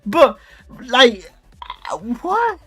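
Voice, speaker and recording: A young man, telling a story on a livestream in a jokey, animated way. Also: very high-pitched, very slow. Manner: animated, jokey, acts out voices. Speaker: livestream host.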